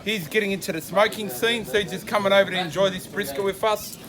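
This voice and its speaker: A man's voice: high-pitched, steady tone, fast talker, a crowd in the background. A middle-aged Australian man, a chef, giving an enthusiastic casual cooking demonstration in his backyard and repeating his catchphrases. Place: backyard at home beside a smoker.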